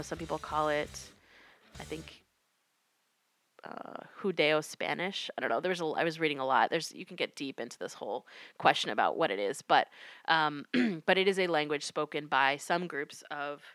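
Low-voiced chatty woman podcaster. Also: a bit bright, no room sound. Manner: chatty, explanatory, laughs easily. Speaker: podcast co-host. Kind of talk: casual podcast chat.

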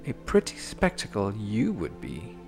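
A man's voice: medium pitch, moderate pace, gravelly, close to an everyday voice. A man doing sneering, proud stepsisters. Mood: mocking. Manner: rude, sneering. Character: two proud, mocking stepsisters. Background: music.

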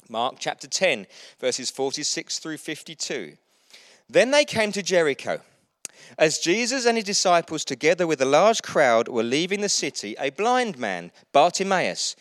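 A man preaching a sermon emphatically, rising and falling with fervor. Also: on the high side.

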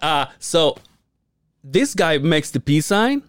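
A man's voice: a little high, big pitch swings, takes it slowly, clear, resonant tone, no room sound. A man co-hosting a podcast in casual chat, telling stories animatedly, laughing often and swearing freely. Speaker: podcast co-host.

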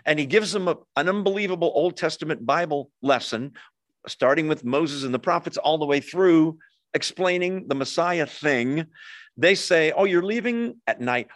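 An older man preaches a verse-by-verse Bible lesson in a loose, chatty way, tossing questions to his audience. His voice sits a little high for a man. The sound is dry and close, with little room echo. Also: a bit bright. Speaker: pastor. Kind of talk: conversational Bible teaching. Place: church hall with in-person and online audience.

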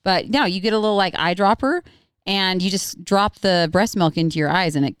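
A woman's voice: fairly low pitch, fairly quick, a bit bright, clean tone, no echo, studio quality. A young woman co-hosting a podcast, chatting casually, laughing often and jumping from topic to topic. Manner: giggly, chatty, jumps between topics. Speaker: podcast co-host. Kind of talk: casual chat.

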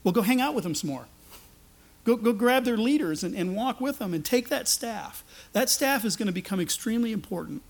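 A man preaching a sermon, animated and sarcastic, acting out the lines he quotes. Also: sits high, brisk, vocal fry. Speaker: pastor.

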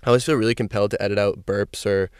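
A man's voice: fairly low pitch, steady tone, very fast, darkish tone, smooth, dry recording, studio quality. A young man hosting a solo podcast from his parked car, talking loosely into a microphone and swearing freely. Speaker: podcast host. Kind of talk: casual solo podcast rambling.

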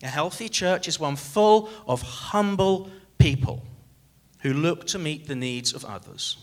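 A man preaching a sermon as pastor in an animated, jokey way, with sudden swings in loudness. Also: fairly high pitch, unhurried.

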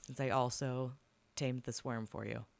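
A woman's voice: a bass voice, little pitch movement, slow, vocal fry, no room sound, heavily acted. A woman playing a bold young warlord adventurer in her own casual voice, laughing easily. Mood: bargaining.

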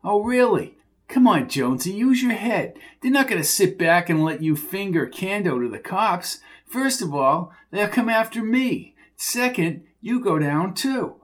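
A man voicing a pushy, streetwise male hustler who needles and talks in quick bursts. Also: sits high, lively intonation, pitched above the performer's own voice. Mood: urgent, needling.

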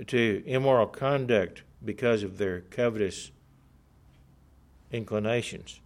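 A man with a lowish voice preaches a sermon, reading scripture aloud and explaining it earnestly and emphatically. He slows down to stress the key points.

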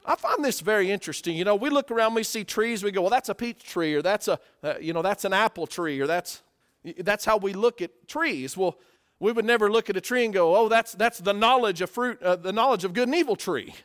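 High-voiced preaching man. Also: brisk, clear, resonant tone. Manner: animated preaching, acts out everyday voices, rhetorical questions. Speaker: pastor. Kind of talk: sermon.

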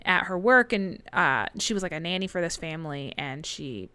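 Chatty woman with a smooth voice. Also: lowish voice, lively intonation, moderate pace, sharp tone, dry recording. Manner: chatty recapping, frequent laughs and fillers. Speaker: podcast co-host. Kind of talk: casual book discussion.

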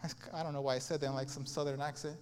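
A man's voice: medium pitch, level tone, very fast, big-room sound, music in the background. A man pastor preaching a sermon in an emphatic, repetitive style.

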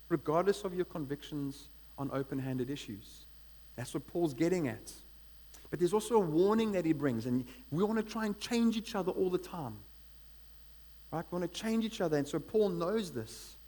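A man preaching a sermon in an energetic, conversational way, often checking in with the congregation. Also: fairly high pitch, normal speed. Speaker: pastor.

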